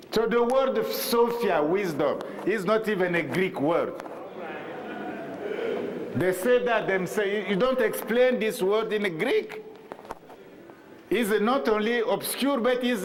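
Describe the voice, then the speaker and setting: Male lecturer, slightly high voice, hall reverb with faint noise. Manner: halting, repetitive, with many pauses and rhetorical questions.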